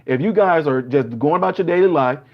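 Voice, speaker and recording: Male host, animated storyteller, dull lo-fi recording. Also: fairly high pitch, a little fast. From Chicago. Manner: animated storytelling, acting out quoted people. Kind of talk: casual monologue.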